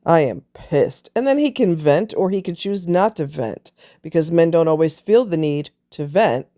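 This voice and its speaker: Blunt, emphatic woman with a mellow low voice. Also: lively intonation, moderate pace. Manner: blunt, emphatic, preachy, with casual swearing. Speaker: relationship commentator. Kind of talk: opinionated monologue.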